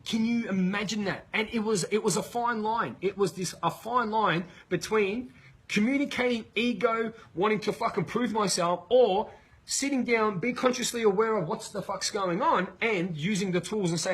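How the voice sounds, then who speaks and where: A man with an Australian accent, a leadership coach telling a story in a live webinar, energetic and swearing as he retells it. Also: high-pitched, brisk, husky, low-quality recording.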